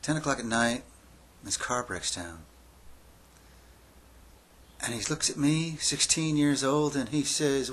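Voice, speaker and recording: A man in his fifties telling a personal story aloud, dropping to a near-whisper and rising to yells as it builds. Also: medium pitch, slow, long pauses. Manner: dramatic, swings from hushed near-whisper to yelling. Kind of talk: spoken-word storytelling.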